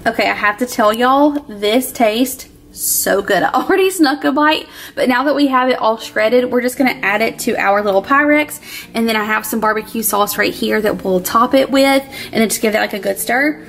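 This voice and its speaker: A woman's voice: fairly high pitch, fairly quick, creaky, fairly bright tone. Bubbly woman chatting in her kitchen. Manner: bubbly, chatty, says "like" often. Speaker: cooking channel host. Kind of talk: casual cooking vlog chat. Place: home kitchen.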